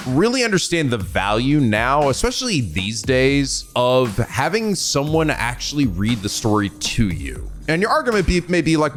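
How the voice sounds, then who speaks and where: Excitable swearing young man commentating a game. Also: mid-range voice, normal speed, few pauses, faint music behind. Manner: excitable, profane, laughs often, jumps between mutters and yelps. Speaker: let's play host. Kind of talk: casual gameplay commentary.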